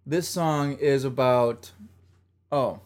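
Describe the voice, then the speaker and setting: A man's voice: medium pitch, slow, darkish tone. A man hosting a music podcast, chatting casually and enthusiastically about songs, often rambling and repeating himself. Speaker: podcast host reviewing albums.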